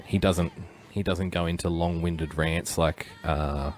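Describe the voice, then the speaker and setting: Low-voiced man riffing on a livestream. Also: steady tone, measured pace, darkish tone. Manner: rambling, joking, chuckling asides. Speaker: livestream host. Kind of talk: casual livestream commentary.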